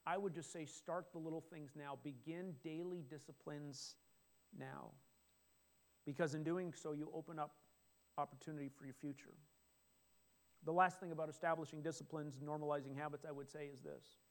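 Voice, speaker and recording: A middle-aged man preaching a sermon, talking in a conversational way with restarts and sudden excited exclamations. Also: on the high side, moderate pace. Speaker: pastor.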